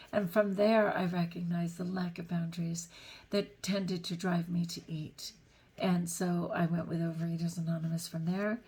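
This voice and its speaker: A woman's voice: fairly low pitch, darkish tone, breathy edge. A middle-aged woman talking through a personal vlog in a chatty, self-deprecating and earnest way, often laughing between thoughts. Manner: earnest, faith-filled reflection. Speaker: vlogger.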